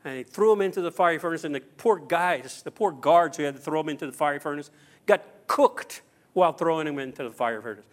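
A middle-aged pastor with a fairly high voice preaches a sermon at a fast pace. He tells stories with acted-out quotes, swinging between loud and hushed.

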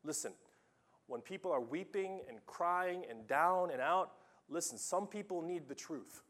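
Animated man preaching a sermon. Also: on the high side, measured pace. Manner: animated, storytelling, swings between loud urging and hushed lines.

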